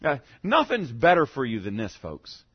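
A man preaching a sermon to his congregation, swinging from loud to hushed as he goes. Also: medium pitch, huge pitch swings, normal speed, slightly rough. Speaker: pastor. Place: church sanctuary. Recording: dull lo-fi sound.

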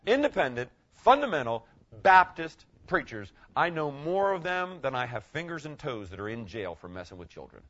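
A man's voice: mid-range voice, animated, a little fast, few pauses. Emphatic preaching man, lo-fi church recording. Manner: emphatic preaching, swinging between loud and hushed. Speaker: pastor. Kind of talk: sermon.

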